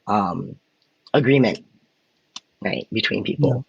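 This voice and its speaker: This podcast co-host has a lowish, gravelly, husky voice and speaks slowly, recorded on a close mic that sounds muffled. In a casual chat he explains his points, then demonstrates intonation by giving examples.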